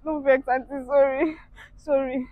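A woman's voice: sits high, level tone, unhurried, no echo, narrow, tinny audio. A woman with a Nigerian Pidgin accent, pleading and apologizing over and over. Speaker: prankster. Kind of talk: staged prank apology.

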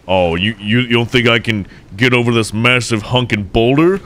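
A young man giving jokey, excitable let's play commentary as he plays, cheering on his fish and breaking into shouts. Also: mid-range voice, moderate pace, hardly any pauses, a little hiss or hum. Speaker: gameplay commentator.

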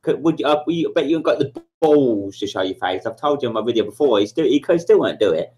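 A man's voice: medium pitch, lively intonation, fast, a little mellow. A man hosting a casual livestream chat, sweary and blustering, often repeating himself. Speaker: livestream host.

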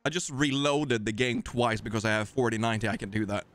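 A man's voice: medium pitch, fast, fairly bright tone, soft background music. A man with a Swedish accent hosting a live game stream, casually joking and thanking viewers. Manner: jokey, rambling, thanking viewers. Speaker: streamer host.

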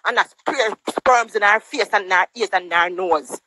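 Against a noisy background, a woman with a Jamaican accent rants angrily in patois at normal speed on a social media live stream over her phone. She scolds and uses a higher voice for mocking quotes.

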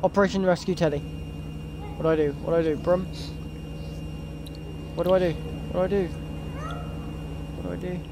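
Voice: medium pitch, fairly even intonation, moderate pace, pauses often, noisy background. A let's play gamer, commentating a horror game in a jumpy way, talking to the game's characters. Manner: jumpy, talks to game characters, startled shrieks.

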